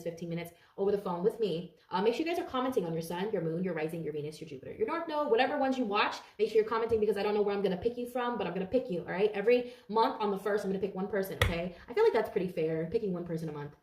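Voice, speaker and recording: Fast-talking woman giving a tarot reading. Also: mid-range voice, reverberant, far from the mic. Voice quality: swearing, animated outbursts, repeats herself. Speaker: tarot reader. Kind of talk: casual tarot reading to camera.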